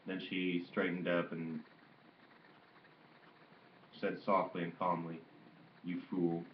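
A man reading a novel aloud in a steady, measured narration, in a dull, roomy recording. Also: deep voice, a little hiss or hum. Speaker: audiobook reader. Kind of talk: literary audiobook narration.

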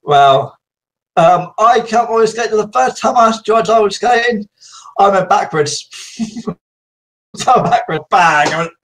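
A man's voice: sits high, lively intonation, slow pace, pauses often. A man from Suffolk, chatting casually and laughing often with a stranger on a video chat. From Suffolk, England.

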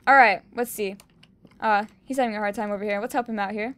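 A young woman giving excitable gameplay commentary, cheering and shrieking as she plays. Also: medium pitch, fast talker, clear, resonant tone. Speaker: gaming YouTuber.

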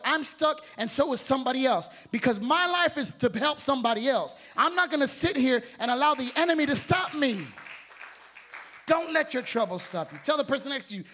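Brief: energetic male preacher with a very high voice, firing questions at his church. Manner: energetic, exhorting, calls out questions to the congregation. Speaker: pastor. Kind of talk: sermon. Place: church sanctuary.

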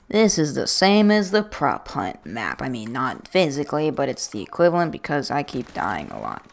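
A woman's voice: rumbling low, huge pitch swings, moderate pace, gravelly, few pauses. A woman giving chatty, rambling let's-play commentary with self-mocking jokes, into a USB desk microphone. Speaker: gaming video creator.

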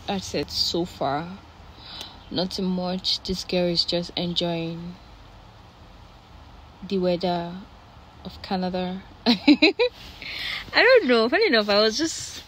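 A woman's voice: on the low side, fairly bright tone, a little hiss or hum. A young woman with a Nigerian accent, chatting casually to her phone camera outdoors in the cold, with lots of fillers and laughs. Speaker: vlogger. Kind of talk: casual vlog chat.

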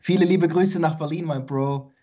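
A man's voice: on the high side, fairly even intonation, moderate pace, dark tone, dull audio. A man co-hosting a beatbox reaction livestream, enthusiastic and thanking viewers often. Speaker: co-host of a beatbox reaction stream. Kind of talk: casual livestream chat.

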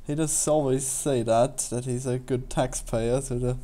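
A man co-hosting a let's play, chatting casually with a dry, deadpan sense of humor. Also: medium pitch, a little slow. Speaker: co-host. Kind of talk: casual chat over gameplay.

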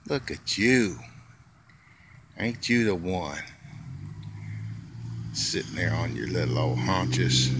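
A man with a fairly low voice talks in a slow, unhurried drawl as he feeds squirrels outdoors. His tone is bright and forceful, and he coaxes the animals with folksy pet names. Faint outdoor noise and passing traffic sit quietly behind him. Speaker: vlogger feeding squirrels. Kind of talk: casual running talk to animals. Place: outdoors in a yard.

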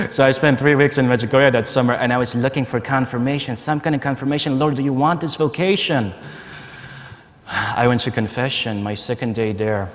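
A man giving a personal testimony at a conference, telling his story in a lively way and laughing often. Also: mid-range voice. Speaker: conference speaker. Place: large conference hall. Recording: long hall reverb, faint noise.

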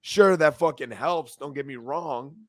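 A man's voice: fairly high pitch, unhurried, no echo. A man co-hosting a casual podcast, emotional and swearing freely, his voice breaking as he talks close to tears. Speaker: podcast co-host.

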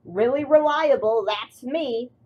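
A woman's voice: sits high, takes it slowly, breathy edge, muffled recording, pitched above the performer's own voice, full character voice. A woman voicing a grumpy, vain male steam engine in a storybook tale, snippy and haughty. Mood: boastful.

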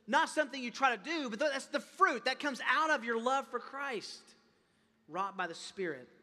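A male pastor preaches in a high, bright, ringing voice. He is impassioned, often doubles back on his words and then climbs to loud, emphatic peaks. His voice carries the long reverb of a large sanctuary. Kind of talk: sermon.

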